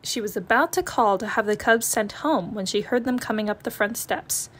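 A woman narrating a children's picture book read-aloud in a gentle, expressive storytelling manner. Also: medium pitch, normal speed.

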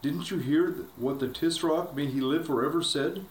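A spoiled young noblewoman whimpers in a squeaky, raised voice, as a man reads her part aloud. She is fearful and self-pitying, with a storybook feel. The room has an echo and a faint hiss behind it. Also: normal speed, close to an everyday voice. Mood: whimpering. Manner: squeaky and whiny.

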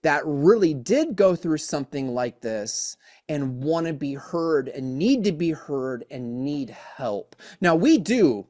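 A man's voice: fairly high pitch, big pitch swings, takes it slowly, few pauses, darkish tone. A man hosting a podcast in casual chat, earnest and often repeating himself, saying "man" a lot. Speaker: podcast host.

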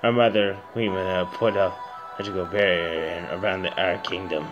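A man putting on a grave, deep-voiced prince. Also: steady tone, highs cut off, over music, close to an everyday voice. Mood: solemn. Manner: low, measured, solemn storytelling. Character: stern noble older-brother prince, grave.

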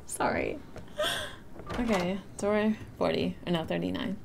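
A woman's voice: on the low side, measured pace, vocal fry, a little mellow, a little hiss or hum. A woman streamer chatting casually with her viewers while she plays a game. She keeps breaking into helpless giggles. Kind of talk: casual live gameplay chat with viewers. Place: her bedroom at home.

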